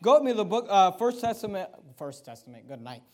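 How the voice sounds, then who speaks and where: A pastor preaching a sermon in a lively, conversational style, rising loud and dropping to soft asides. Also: male voice, high voice, fast.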